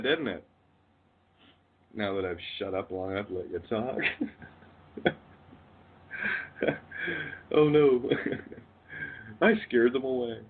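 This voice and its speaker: Over a tinny phone line, a guest on a call-in radio show, a Canadian man with a medium-pitched, slightly breathy voice, goes on a rambling rant full of swearing and sudden laughter.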